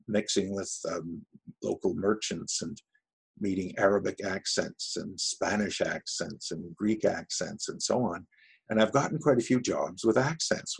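Gravelly low-voiced man, relaxed and wry. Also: rough recording. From Canada, Ottawa area. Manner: relaxed, anecdotal, wry humor. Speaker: voice actor guest. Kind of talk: casual interview talk.

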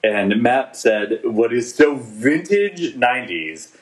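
A man's voice: mid-range voice, lively intonation, slow pace, low-quality recording. Joking, rambling man in his forties. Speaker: podcast co-host. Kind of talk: casual chat reviewing a TV episode.

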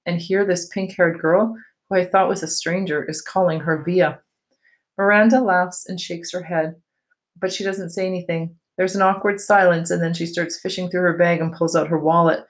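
A reader narrating a novel aloud for a class, in a plain, even storytelling manner. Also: medium pitch, rough recording. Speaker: teacher reading aloud.

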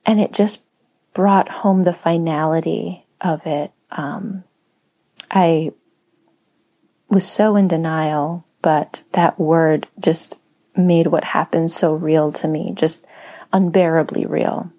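A woman speaks in a slow, unhurried personal monologue, pausing often between thoughts. Her voice is somewhat low and warm, with a mellow tone. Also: steady tone. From Spanish-speaking home. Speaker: writer and writing teacher.

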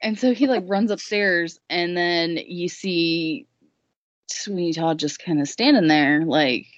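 A woman with a fairly low voice speaks slowly in a dry, echo-free, dull lo-fi recording. As a podcast guest, she recaps a musical's story casually, rambling and joking with lots of fillers.

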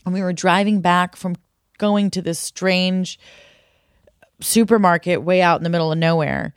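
This podcast co-host's voice is low, clear and resonant, moving at normal speed with fairly even intonation. The recording is dry and studio quality, capturing her casual, story-filled chat and frequent laughter.

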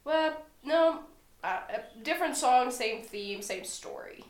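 Very high-voiced bubbly woman, echoey room. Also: animated, takes it slowly. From Canada. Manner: bubbly, teasing, sings readily. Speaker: podcast guest. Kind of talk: casual chat.

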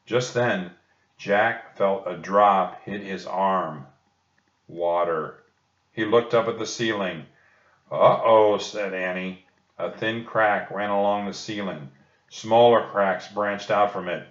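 Reading a storybook to kids, this low-voiced man takes his time and keeps a gentle, reassuring tone. His voice comes through a dull, echoey room.

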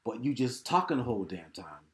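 Podcast co-host, man, relaxed chat, mid-pitched, echoey room. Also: a little fast. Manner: relaxed, reads items off his list. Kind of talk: casual chat.

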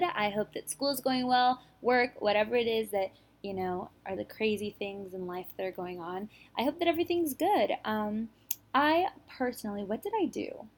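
A woman in her twenties hosting a podcast, chatting casually and telling a rambling story with fillers and laughter. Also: fairly high pitch. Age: 20s. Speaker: podcast host. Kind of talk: casual chat.

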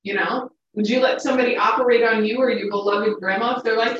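A woman's voice: on the high side, steady tone, fast, few pauses, a little hiss or hum. A woman, a psychic medium guest, telling her story animatedly in a casual interview, with many fillers. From Austin, Texas area. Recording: distant, dull, echoey sound.

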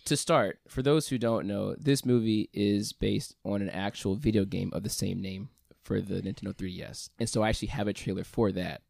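Young male podcast host, gravelly, low, relaxed and joking. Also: fairly quick, no echo, clean studio sound. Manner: upbeat intro, then relaxed and joking. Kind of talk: casual podcast chat.

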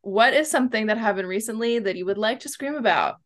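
Woman cohost, higher voice, friendly, asks the guests stuff. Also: fast. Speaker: podcast co-host. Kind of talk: casual chat.

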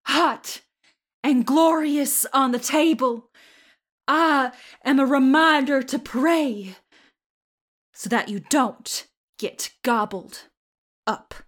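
A woman voicing a fanatical, doom-preaching religious mother in her middle years, with a mild Southern accent, delivered slowly and theatrically. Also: sits high. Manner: slow, theatrical, preaching delivery with shouted lines.

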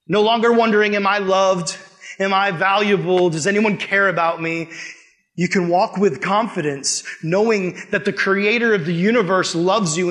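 A youth pastor preaching to students, earnest, with loud emphatic peaks that drop to hushed quiet lines. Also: male voice, high voice. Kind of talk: sermon. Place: room with a youth group.

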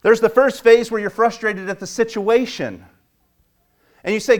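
A man preaching a sermon, his voice surging up for quoted complaints and sinking low and quiet in prayer. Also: brisk. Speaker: pastor.

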